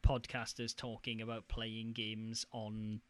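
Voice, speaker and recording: Male podcast co-host, bright and forceful, lively, recorded dry. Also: fairly low pitch, no echo. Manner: animated, quick to jump in. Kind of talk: casual chat.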